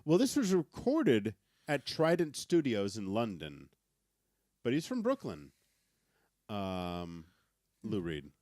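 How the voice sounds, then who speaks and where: Lively, stammering male podcast host. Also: fairly low pitch, takes it slowly, pauses often, no room sound, clean studio sound. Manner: stammering, repeats words, laughs often. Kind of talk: casual chat.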